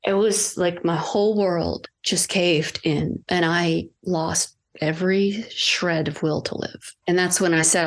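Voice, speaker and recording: A woman guest on a podcast, an acting coach, telling a personal story in an earnest, halting way with restarts. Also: fairly low pitch. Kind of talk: candid personal storytelling in conversation.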